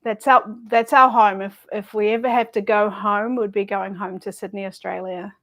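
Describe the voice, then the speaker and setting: A woman's voice: medium pitch, normal speed. A middle-aged woman, a quilting guest telling stories in a chatty, easy-laughing way. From New Zealand. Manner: chatty, laughs easily, lively storyteller. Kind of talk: casual chat.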